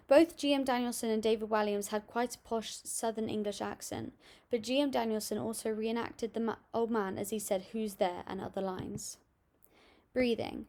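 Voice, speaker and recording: A young woman reading out a school assignment on voice techniques, steady and a little halting, with small restarts. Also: a little high. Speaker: student presenting an assignment. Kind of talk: read-aloud school presentation.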